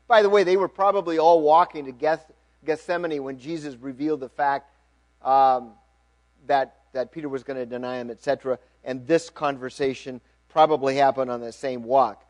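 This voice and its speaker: Earnest preacher reading scripture aloud. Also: male voice, medium pitch, steady tone, normal speed. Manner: earnest, reads aloud with rising emphasis then drops to quiet asides. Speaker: pastor.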